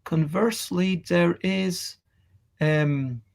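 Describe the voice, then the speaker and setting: Chatty woman streamer with a creaky voice. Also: lowish voice, drawn-out words, a little mellow. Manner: chatty, cheerful, rambling with fillers. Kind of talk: casual chat to a live stream chat.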